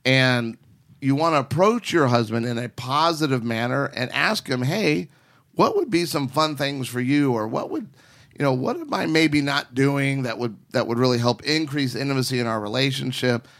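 A man's voice: mid-range voice, normal speed, a bit bright. A man hosting a podcast, giving relationship advice in a teasing, preachy way. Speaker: podcast host.

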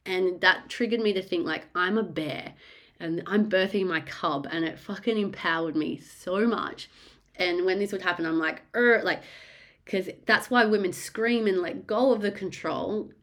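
A woman speaking in a slightly low voice, recounting her own birth story in candid, casual conversation. She talks frankly and with animation, and swears freely. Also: moderate pace, fairly bright tone.

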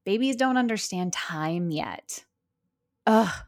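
A woman's voice: medium pitch, animated, slow. A young woman who runs her own business, talking in a casual, reflective monologue, earnest and chatty with lots of "like" fillers. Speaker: podcast host and business owner.

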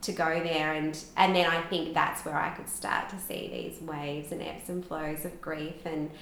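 A woman's voice: sits low, little pitch movement, measured pace, fairly bright tone. A woman in her thirties, a podcast guest, talking openly and emotionally, with lots of "like" fillers. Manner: frequent "like" fillers, open and emotional. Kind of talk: candid conversational storytelling. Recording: roomy echo with faint background noise.

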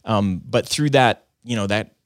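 Casual male podcaster, lowish voice, earnest and filler-heavy, dry close sound. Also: a little slow, no room sound. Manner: rambling, filler-heavy with frequent "like" and "um"; earnest and self-reflective. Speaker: video business owner and podcaster. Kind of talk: casual conversational storytelling.

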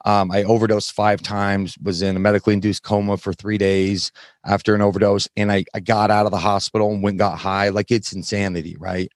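A man as a podcast guest, telling his story candidly in plain, frank words with halting restarts. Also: fairly low pitch, level tone, dry recording, clean studio sound. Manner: frank, plain-spoken, occasional swearing; halting, many fillers and restarts while recounting.

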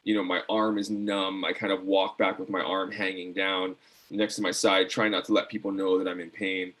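Husky-voiced man telling an earnest story. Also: low voice, level tone, moderate pace, fairly bright tone. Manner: earnest, many fillers and restarts. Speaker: guest, former decathlete. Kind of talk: casual storytelling interview.

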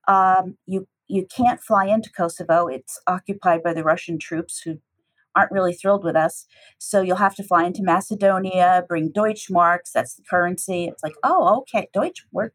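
A breathy, slightly husky woman in middle age spins a personal story at a lively clip. She acts out every exchange, climbing high for the startled voices she quotes and settling low for her own asides. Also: poor audio. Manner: lively, acts out dialogue with shifting pitch. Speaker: teacher telling a personal story.

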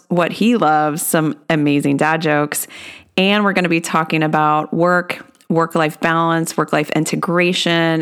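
Woman, podcast host, cheerful, laughs a lot, lowish pitch. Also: fairly bright tone, smooth. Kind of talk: casual podcast chat.

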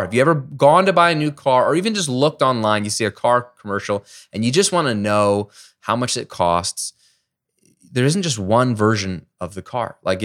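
A middle-aged man from the United States hosting a solo podcast, explaining ideas in a lively, conversational way with everyday examples. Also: on the low side. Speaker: podcast host. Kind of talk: casual solo podcast teaching.

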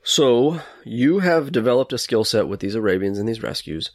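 A man hosting an interview, asking his questions in a measured, explanatory way. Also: mid-range voice, expressive, no room sound. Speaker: host, horse trainer. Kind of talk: interview host.

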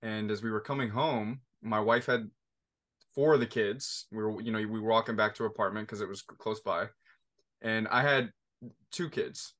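A man's voice: lowish voice, steady tone, moderate pace, fairly bright tone. A podcast host in his thirties, a father, telling a long family story in a casual interview, full of restarts and fillers. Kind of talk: conversational interview.

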